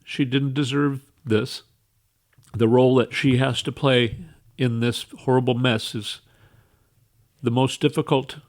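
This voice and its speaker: A man's voice: mid-range voice, little pitch movement, a little mellow. Tearful man on the radio. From Minnesota. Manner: halting, emotional, with restarts. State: tearful, weepy. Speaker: radio show host. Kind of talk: emotional radio monologue.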